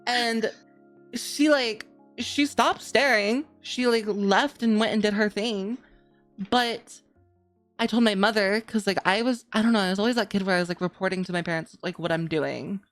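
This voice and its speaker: Young woman, podcast co-host, rambling casual storyteller, mid-range pitch. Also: moderate pace, soft background music. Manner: rambling, many "like" fillers.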